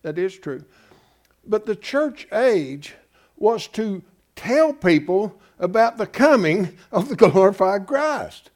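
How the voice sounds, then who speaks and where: High-voiced, slow, folksy preacher. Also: male voice, sing-song, a little mellow. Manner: folksy, emphatic preaching with rhetorical questions. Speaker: pastor. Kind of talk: sermon.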